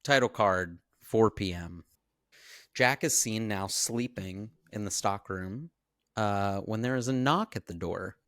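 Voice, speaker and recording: A man co-hosting a podcast, casually recapping a film in animated, profane storytelling. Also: on the low side, slow pace, no echo, clean studio sound. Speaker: podcast co-host.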